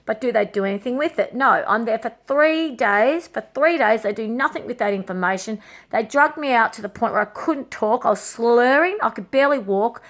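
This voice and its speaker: A woman's voice: a little high, expressive, normal speed, fairly bright tone. A middle-aged woman recounting a painful personal experience, agitated and raw, swearing often and repeating herself. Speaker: vlogger. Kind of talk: emotional personal story.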